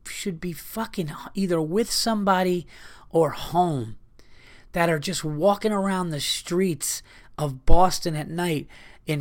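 A podcast host talking in a rambling, profane, self-interrupting casual monologue. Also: male voice, fairly high pitch.

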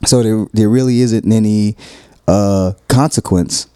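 A man's voice: lowish voice, a little slow, mellow, clean tone, dry recording, clean studio sound. A man talking casually about relationships and explaining his view earnestly and at length. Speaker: podcast co-host.

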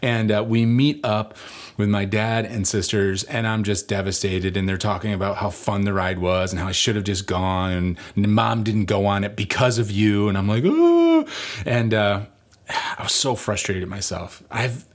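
A man preaching a sermon, telling a personal story in a lively way and joking about himself. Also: fairly low pitch, normal speed. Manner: animated storytelling, self-mocking humor. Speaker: pastor.

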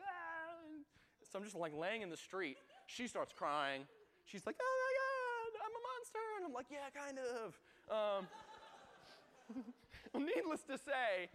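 A young man giving a youth sermon, telling a self-mocking personal story in a lively, joking way. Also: on the high side. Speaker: youth speaker.

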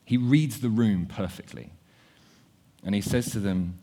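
Delivering a sermon at a measured pace, this young man has a voice on the low side. Earnest throughout, he repeats words while thinking out loud and swings from quiet to animated.

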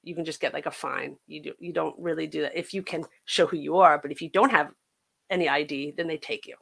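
An American woman, a podcast guest, telling a personal recovery story in an earnest, halting way, with frequent restarts. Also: deep voice, fairly even intonation, creaky, fairly bright tone, slightly rough.

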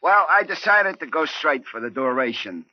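A man's voice: fairly high pitch, sing-song, moderate pace. An actor playing a chummy, streetwise reformed male pickpocket in 1940s radio acting, on a lo-fi old broadcast. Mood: sly. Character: wisecracking reformed male pickpocket, hotel clerk.

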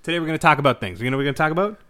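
A man co-hosts a casual chat podcast, bright and forceful in tone. He tells stories with animated energy, swears often, and slips into mock-angry outbursts. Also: on the high side, rapid-fire. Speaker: podcast co-host.

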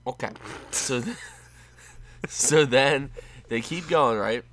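A man's voice: medium pitch, slow pace, fairly bright tone, no echo. Rambling man reviewing a film, dry sound. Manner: rambling, restarts, laughs, argues points. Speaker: podcast co-host. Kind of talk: casual film review chat.

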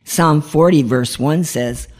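A woman's voice: low voice, takes it slowly, a little mellow. A woman hosting a marriage ministry podcast, giving heartfelt devotional teaching in an earnest, pleading way.

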